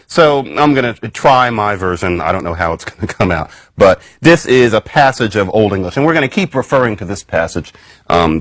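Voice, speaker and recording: A man giving a recorded academic lecture in a wry, conversational way, jumping up high in pitch for emphasis. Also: no room sound. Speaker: university lecturer.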